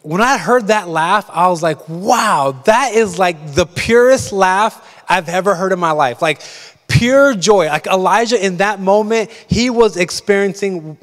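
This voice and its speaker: High-voiced young pastor in echoing church. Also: male voice, expressive, measured pace, fairly bright tone. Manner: chatty storytelling, lots of fillers. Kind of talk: sermon. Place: large church. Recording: long reverb of a large church.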